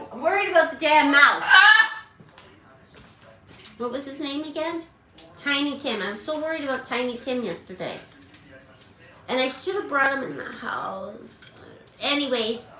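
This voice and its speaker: A woman's voice: high voice, bright, forceful tone. A middle-aged woman hosting a parrot rescue channel, telling a story at home in a dramatic, emotional, rambling way with many restarts. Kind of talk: casual storytelling to camera. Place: at home, indoors. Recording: echoey room.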